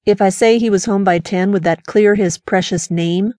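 A woman's voice: mid-range voice, steady tone, normal speed, dark tone, dry recording, clean studio sound, lightly acted. A woman voicing a sly, defiant wife of a suspect who talks in a mocking, teasing way.

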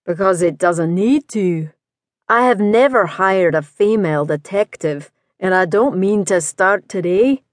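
A woman doing a gruff Scottish detective boss. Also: mid-range voice, no room sound, clean studio sound, natural voice. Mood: dismissive. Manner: blunt, dismissive, measured. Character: gruff, skeptical male Scottish detective chief.

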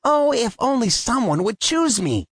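A man's voice: very high-pitched, sing-song, a little slow, husky, dry recording, clean studio sound, pitched above the performer's own voice, heavily acted. Small hopeful boy tree read by a man, lifted voice, earnest, wistful, storybook.

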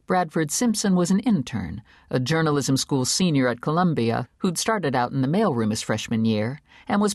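Low, expressive woman narrator. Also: no room sound, studio quality. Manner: expressive, measured storytelling. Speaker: audiobook narrator. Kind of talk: scripted narration. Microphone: studio microphone.

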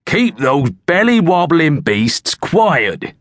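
A man voicing a rich, bossy, irritable farmer who yells and scolds. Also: medium pitch, very animated, slow pace, no room sound, exaggerated voice. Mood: angry. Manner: yelling, scolding.

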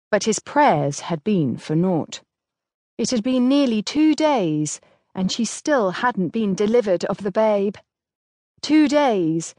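A woman narrates a historical romance audiobook, telling the story in a steady, measured voice at medium pitch. This scripted narration has clean studio sound with no room audible.

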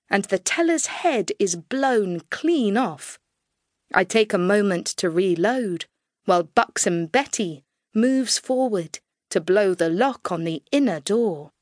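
A woman reading an audiobook aloud in measured, even first-person storytelling, close to a studio mic. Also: medium pitch, no room sound. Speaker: audiobook narrator. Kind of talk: scripted audiobook narration.

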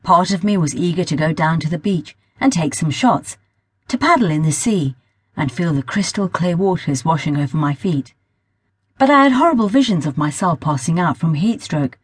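A woman narrating a first-person story as an audiobook, at a measured pace, now and then rereading a line. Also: fairly low pitch, animated, slightly rough, dry recording.

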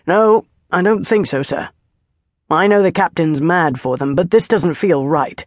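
Woman voicing a gruff veteran centurion. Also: fairly low pitch, a little slow, dry recording, studio quality. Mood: grim. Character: gruff veteran male centurion, blunt and wary.

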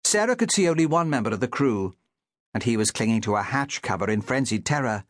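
A male audiobook narrator telling the story dramatically, his pitch rising and falling freely across each sentence. The recording is dry and close, with no room echo. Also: expressive, brisk. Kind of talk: scripted narration.

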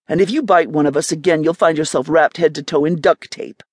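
A woman narrator voicing a calm, controlled man who speaks with quiet authority. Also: low-pitched, brisk, slightly rough, dry recording, studio quality. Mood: firm. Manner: level, controlled, quietly threatening. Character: calm, firm man leading a covert team.

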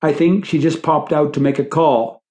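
A man voicing a calm hospital nurse who speaks in a quick, soothing, matter-of-fact way. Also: on the high side, natural voice. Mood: reassuring.

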